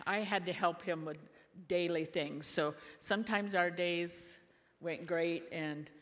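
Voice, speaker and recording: A woman's voice: lowish voice, a bit bright. Older woman with wry humor in a hall. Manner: wry, dry humor, chuckles through stories. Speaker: former caregiver giving a tribute. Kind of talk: memorial speech with humorous anecdotes. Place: memorial gathering hall. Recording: reverberant hall with faint room noise.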